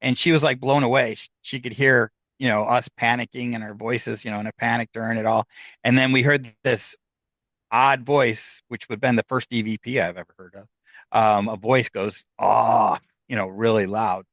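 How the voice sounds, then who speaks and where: A man's voice: medium pitch, steady tone, moderate pace, a bit bright, no echo. Middle-aged American man, guest storyteller, ordinary mid-range voice, chatty and anecdotal, dry close recording. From United States. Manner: rambling anecdotal telling, acting out what others said. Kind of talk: casual storytelling.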